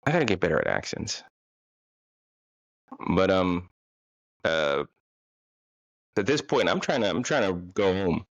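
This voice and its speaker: A man's voice: deep voice, big pitch swings, measured pace, long pauses, no room sound, highs cut off. A man telling a casual, rambling, self-deprecating story about a bad date, full of fillers and restarts.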